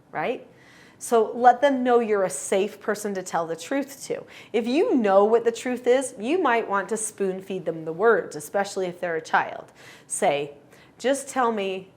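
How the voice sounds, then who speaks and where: Calm, earnest woman parenting coach. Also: mid-range voice. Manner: calm, earnest, acts out parent and child lines. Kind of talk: instructional talk to camera.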